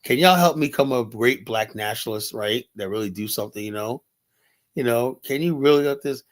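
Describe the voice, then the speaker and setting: A man's voice: medium pitch, a little fast. Profane, laughing man telling club stories. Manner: laughing, profane, animated retelling with quoted voices. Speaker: streaming show host. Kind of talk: casual storytelling monologue. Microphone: streaming setup mic.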